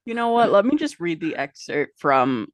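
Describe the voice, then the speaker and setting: A woman's voice: fairly low pitch, very animated, moderate pace, no room sound. A woman co-hosting a casual podcast, teasing her co-host and reading aloud from a book.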